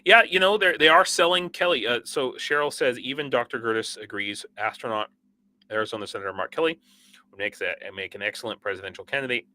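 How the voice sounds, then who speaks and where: Running on no sleep and lots of coffee, the young livestream host chats quickly in a bright, forward, mid-range voice while reading comments. His talk rambles and stalls with restarts and fillers, punctuated by short bursts of laughter.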